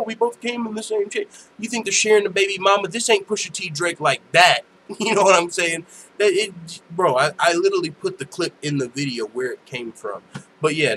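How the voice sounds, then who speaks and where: A young man riffs his way through a home live stream, casual and profane, laughing as he goes. His voice sits a touch high, and a faint hiss of background noise runs under him. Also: a bit bright, low-quality recording. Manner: loose, profane, laughs often. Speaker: host. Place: home room.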